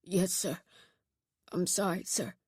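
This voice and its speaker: A woman voicing a teenage boy in a reformatory, a smooth talker who pleads in a low, quiet voice. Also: fairly even intonation, slow, no room sound, clean studio sound, full character voice. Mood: begging. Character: persuasive teenage boy inmate, quick and pleading.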